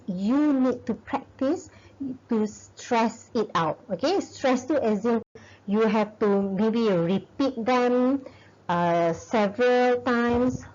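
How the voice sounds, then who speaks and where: In a recorded video lesson, a university lecturer with a Malaysian English accent explains things step by step, often checking in with "okay?". Her voice is on the high side and a little mellow, captured in a dull lo-fi recording.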